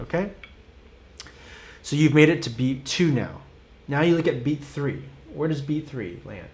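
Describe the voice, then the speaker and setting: A man running a live-streamed drum lesson, counting beats and vocalising rhythms as he plays. He explains patiently and keeps checking that the learner follows. Loud drumming sits right under his voice. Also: fairly high pitch, animated, normal speed, over loud music. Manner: counts and sings rhythms aloud while playing. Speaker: drum teacher.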